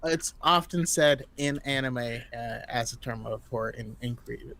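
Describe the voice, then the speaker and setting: A man, a show regular, chatting casually in a playful, halting way. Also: mid-range voice, sharp tone. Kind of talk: casual chat.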